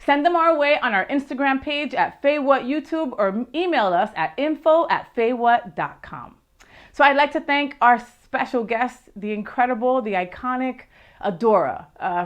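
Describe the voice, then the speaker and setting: Woman talk show host, bubbly, gushing, fairly high voice, Spanish phrases. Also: expressive, moderate pace. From Miami area. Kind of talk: upbeat talk show hosting.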